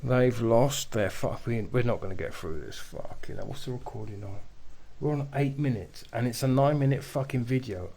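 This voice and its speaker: A man's voice: mid-range voice, moderate pace, mellow. Angry swearing man ranting. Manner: heated, swearing, mocking. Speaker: reaction video host. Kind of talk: angry profane ranting commentary.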